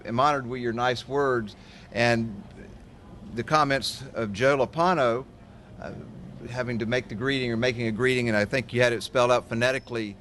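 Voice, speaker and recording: A man, a county commissioner, giving a formal speech in a halting way, with many pauses and fillers. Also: medium pitch, fairly even intonation, fairly bright tone, slight background noise.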